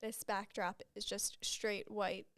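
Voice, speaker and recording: A woman's voice: medium pitch, level tone, slow, a bit bright, no echo. A woman in her twenties hosting a casual solo podcast on a podcast microphone in a small studio, rambling and openly emotional. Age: 20s. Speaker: podcast host. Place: small studio room with a white backdrop.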